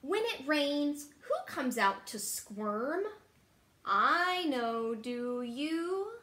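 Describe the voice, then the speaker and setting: Woman teacher for a storytime read-aloud, playful and animated, in a room with noticeable echo. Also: high voice. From Texas. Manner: playful and animated, pauses for kids to guess, hushed asides. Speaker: teacher reading to children. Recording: roomy echo.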